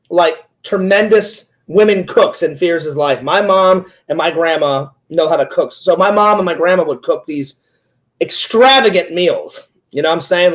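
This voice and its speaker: A talkative man interviewing a fellow streamer in casual chat, rambling through stories with many "like"s and "he goes"s. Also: sits high.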